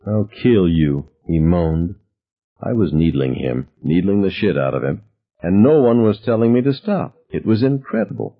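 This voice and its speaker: A man narrating a novel in first person, with expressive storytelling. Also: lowish voice, normal speed, creaky, narrow, tinny audio. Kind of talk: audiobook narration.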